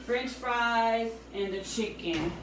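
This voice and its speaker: A young woman talks easy and casual to her viewers as she cooks, calling them y'all and keeping her kid in line between steps. Her voice bounces around a hard, echoey kitchen. There is a clear steady noise behind her. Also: fairly high pitch, slow. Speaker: vlogger cooking with her daughter. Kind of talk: casual home cooking vlog chat. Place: home kitchen.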